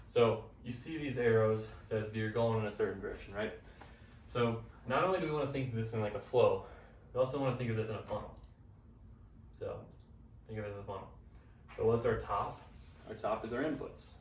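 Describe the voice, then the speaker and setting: Young male coach, casual slangy teacher, lowish pitch, recorded off-mic in an echoey room. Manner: casual, upbeat, slangy explaining. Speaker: business coach. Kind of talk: whiteboard business lesson. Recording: roomy, from a distance, faint noise.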